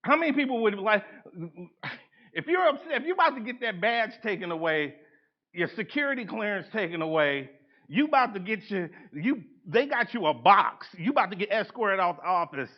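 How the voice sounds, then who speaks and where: A man presenting a live workshop to an audience in a conference room. He is animated, acts out the people he quotes, and laughs often. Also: high-pitched, fairly quick. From United States. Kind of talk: live seminar lecture. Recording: dull lo-fi event recording.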